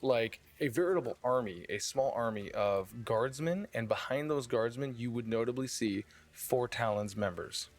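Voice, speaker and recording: A man's voice: medium pitch, moderate pace, hardly any pauses. A man narrating a tabletop game as dungeon master, describing the scene with frequent fillers and restarts.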